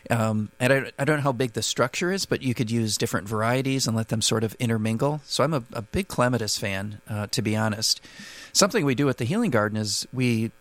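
A man's voice: medium pitch, fast, no echo. A man who is the guest gardening expert on a radio call-in show, answering questions with frequent restarts. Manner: hesitant, many restarts, friendly explaining.

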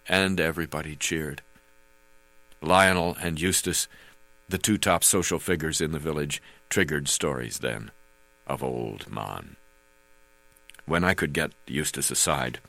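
A man reading his memoir aloud as narrator, halting with frequent fillers. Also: very deep voice, gravelly, sharp tone, no room sound.

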